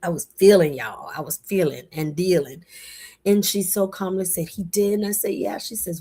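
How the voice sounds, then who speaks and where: A woman giving a casual spoken affirmation talk in a folksy, animated way, calling listeners baby and y'all. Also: lowish voice, moderate pace, husky. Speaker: motivational speaker.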